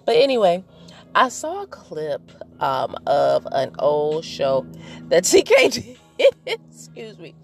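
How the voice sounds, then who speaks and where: A woman hosts her own podcast, chatting casually and playfully straight to her listeners. Her voice sits a little low for a woman, and she laughs easily between points. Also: wildly swooping pitch, slow pace, gravelly, soft background music. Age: adult, married. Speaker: podcast host. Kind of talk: casual solo podcast chat.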